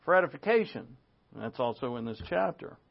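A man's voice: medium pitch, sing-song, a little fast, vocal fry. Man preaching a lo-fi sermon. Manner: expository preaching with asides and rhetorical questions. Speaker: pastor. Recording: dull lo-fi sound.

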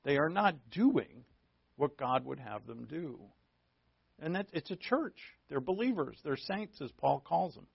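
Bible class teacher, man, conversational and repetitive, somewhat high-pitched, muffled close recording. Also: big pitch swings, measured pace, vocal fry, breathy edge, no echo. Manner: conversational, repetitive emphasis, frequent fillers. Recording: dull, dry, lo-fi recording.

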